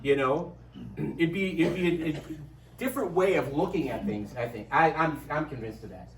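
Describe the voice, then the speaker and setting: A man's voice: on the high side, moderate pace, slight background noise. Joking middle-aged man speaking in a hall. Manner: lively, joking, storytelling. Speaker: adult formation speaker. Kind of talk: parish talk to an audience. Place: parish hall. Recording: echoey hall from far off.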